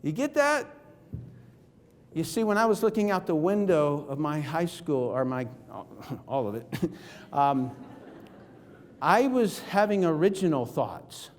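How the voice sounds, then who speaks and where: A man's voice: high-pitched, a little mellow. A man giving a motivational seminar talk, emphatic and full of rhetorical questions to the audience. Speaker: keynote speaker. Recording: reverberant hall.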